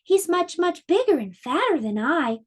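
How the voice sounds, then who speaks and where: A woman's voice: very high voice, very animated, moderate pace, pitched above the performer's own voice. A woman voicing the smallest, timid billy goat in a children's storybook reading, pleading in a small voice.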